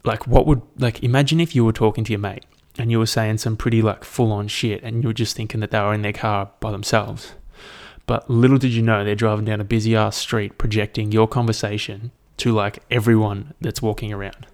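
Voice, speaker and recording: Young male podcast host, low and gravelly, sweary and rambling. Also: little pitch movement, brisk, darkish tone. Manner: rambling, sweary, self-deprecating. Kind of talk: casual solo podcast chat.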